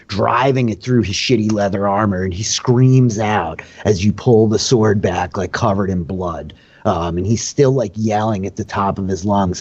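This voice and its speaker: A young man running a tabletop game as dungeon master and host, explaining rules in a relaxed way with lots of fillers. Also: on the low side, moderate pace, few pauses, slightly rough, dull audio.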